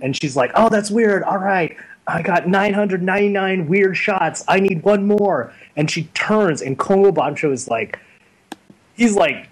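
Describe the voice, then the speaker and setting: A young man being interviewed, chatting casually and telling stories in a rambling, animated way full of fillers. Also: fairly high pitch, slightly rough, low-quality recording. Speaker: interview guest. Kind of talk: casual chat.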